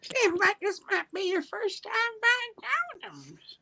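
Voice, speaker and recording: A man's voice: very high-pitched, expressive, slow, gravelly, sharp tone, slight background noise, voice pushed up, heavily acted. A man doing a teasing store lady in her fifties.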